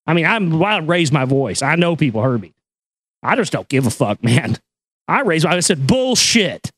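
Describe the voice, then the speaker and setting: A man's voice: fairly high pitch, animated, normal speed, a bit bright, slightly rough, no room sound. A middle-aged man telling a ranting personal story, profane and exasperated, often stumbling and restarting mid-sentence.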